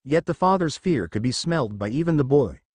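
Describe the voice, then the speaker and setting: Lively male fan-fiction narrator. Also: medium pitch, brisk, slightly rough, no echo.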